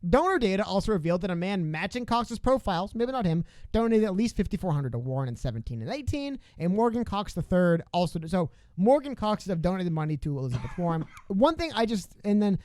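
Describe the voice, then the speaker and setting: A man co-hosting a casual political podcast, talking quickly with sarcastic asides. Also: high voice, very animated, darkish tone, dry recording. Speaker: podcast co-host.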